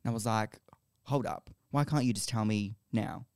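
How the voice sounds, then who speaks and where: Lively guy, gravelly voice. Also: lowish voice, normal speed, no echo, studio quality. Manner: animated storyteller, swears freely, acts out quoted lines. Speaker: podcast guest. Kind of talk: casual chat. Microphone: podcast microphone.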